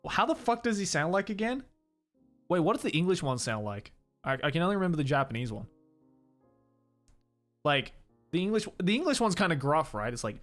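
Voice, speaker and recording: A man's voice: fairly high pitch, sing-song, fairly quick, pauses often, a bit bright, soft background music. A man chatting casually with his stream audience, often laughing and trailing off with fillers. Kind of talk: casual chat.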